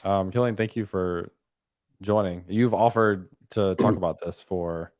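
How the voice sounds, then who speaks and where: A man's voice: low-pitched, steady tone, unhurried, darkish tone, dry recording, studio quality. A man hosting a live stream, chatting casually and rambling with frequent "um"s and "like"s. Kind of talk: casual chat.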